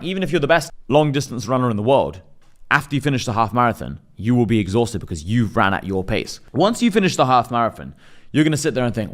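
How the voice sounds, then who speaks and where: Fast-talking blunt man. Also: lowish voice, sing-song. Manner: blunt, swears freely, acts out quick imagined voices. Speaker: self-improvement vlogger. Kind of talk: motivational monologue to camera.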